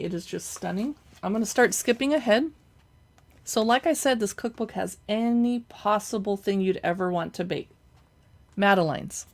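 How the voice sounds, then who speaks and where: A woman hosting a casual live cookbook look-through, chatty and reading recipe names aloud with quick reactions. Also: medium pitch. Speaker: cookbook reviewer livestreaming.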